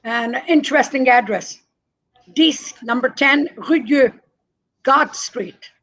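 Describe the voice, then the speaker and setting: A woman's voice: high-pitched, takes it slowly, a bit bright, poor audio. An older woman being interviewed, telling a family story in a vivid, emphatic way. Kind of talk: personal storytelling.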